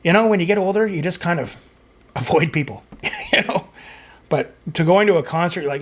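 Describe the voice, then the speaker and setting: A man's voice: fairly high pitch, wildly swooping pitch, a little fast, gravelly, slightly rough. A middle-aged man hosting a music reaction channel, chatting loosely as he reads out viewer comments, rambling and full of fillers. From Canada. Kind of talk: casual chat reading viewer comments.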